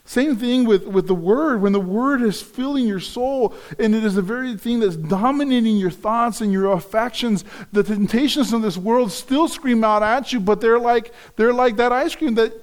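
Man, pastor, sermon, high-pitched, earnest, repetitive emphatic phrasing.

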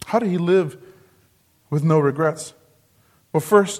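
A man with a rather high voice delivers a sermon. He speaks earnestly, repeating his phrases for emphasis. He sinks low and soft on the words that matter most. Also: slow pace. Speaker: preacher.

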